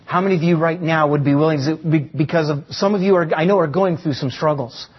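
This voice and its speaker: A man's voice: on the high side, fast, slightly rough. A man preaching a sermon to a congregation in church, asking them rhetorical questions and repeating key phrases for emphasis. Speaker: pastor. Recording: dull lo-fi sound.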